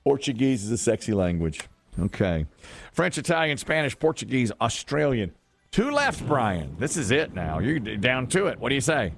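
A man's voice: mid-range voice, sing-song, moderate pace, vocal fry, faint music behind. A man hosting a quiz game on a radio show, upbeat and teasing, repeating the question for each player.

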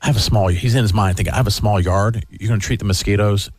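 Fast-talking male morning radio host. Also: on the low side, no room sound. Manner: animated storyteller, acts out voices in quotes. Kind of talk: casual morning show banter.

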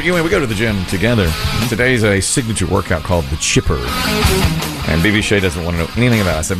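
A man hosting a radio show, chatting casually with his co-host, teasing and laughing as he tells stories. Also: low voice. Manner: laughing, teasing, lively storytelling. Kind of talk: casual morning radio chat. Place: radio studio.

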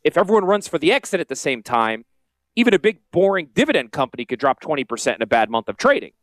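A man with a Northern US Yankee accent, a financial advisor hosting a casual promotional podcast with salesy, jokey asides and a high-pitched voice. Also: sing-song, quick pace, a bit bright, dry recording. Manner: self-described high-pitched voice. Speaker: financial advisor and radio host.

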